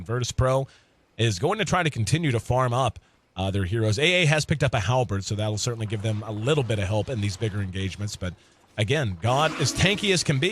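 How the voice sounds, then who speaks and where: A man doing live video game commentary in a relaxed, conversational way, thinking aloud with the occasional filler and an easy laugh. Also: medium pitch. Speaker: esports commentator.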